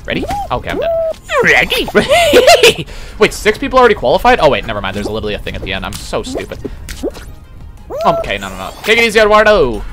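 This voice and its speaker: A man streaming a platform game, talking casually in an excitable, boastful way with sudden yelps. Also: on the low side, very fast, over loud music. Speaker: livestreamer. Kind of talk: casual gaming commentary.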